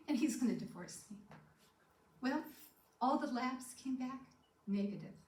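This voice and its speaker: A woman's voice: sits high, a little slow, long pauses. Woman telling her story in an echoey hall. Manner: storytelling, acting out dialogue with animated shifts. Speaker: guest speaker sharing testimony. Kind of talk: personal testimony talk. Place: church hall. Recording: echoey hall, distant from the mic.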